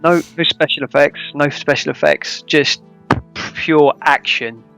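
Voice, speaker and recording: Man, high pitch, bright tone, excitable podcast host, faint music behind. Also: measured pace, gravelly. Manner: excitable, laughs a lot, acts out movie lines. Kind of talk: casual film review chat.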